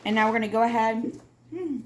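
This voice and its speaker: A woman's voice: fairly high pitch, a little fast. Chatty woman in an echoey kitchen. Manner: chatty, self-deprecating, addresses viewers as y'all. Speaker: cooking video host. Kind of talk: casual cooking demonstration. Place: home kitchen. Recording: echoey kitchen with loud background noise.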